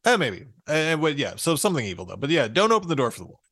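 A man's voice: fairly high pitch, very animated, fast talker, fairly bright tone, slightly rough, dry recording, clean studio sound. A man co-hosting a podcast, casually retelling a fairy tale and laughing often as he reads. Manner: amused, laughs often while reading. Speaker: podcast co-host.

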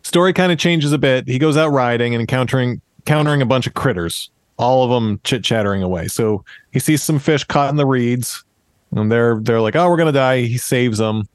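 A man's voice: mid-range voice, a little fast, no room sound. A man in his thirties casually retelling a fairy tale on a podcast, with jokey asides and laughs. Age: 30s. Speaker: podcast host. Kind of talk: casual storytelling chat.

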